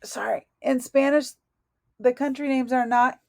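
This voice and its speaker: A woman teaching a Spanish lesson from her notes, speaking slowly and deliberately and correcting herself aloud as she goes. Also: high voice, fairly even intonation, creaky, a little mellow, dry recording. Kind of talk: recorded lesson reading through notes.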